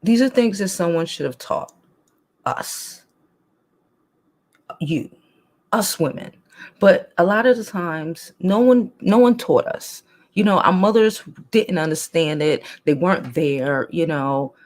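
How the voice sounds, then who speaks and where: A chatty woman hosts a casual livestream and answers her viewers as she goes. Her voice sits fairly low, and she speaks bluntly, laughs easily and swears without pausing. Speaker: host.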